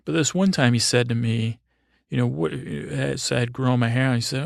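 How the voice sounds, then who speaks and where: A man with a gravelly, mid-pitched voice tells a wandering bedtime story in a dry, close recording. He stops and restarts often, fills gaps with ums and likes, and pokes wry fun at himself. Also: no room sound. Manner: halting and meandering, with many fillers and restarts; wry and self-deprecating.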